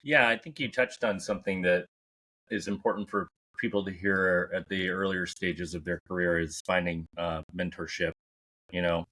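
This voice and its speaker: A man with a very deep voice hosts a casual podcast interview. He gives upbeat, encouraging advice in a relaxed, conversational way. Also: normal speed. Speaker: podcast host.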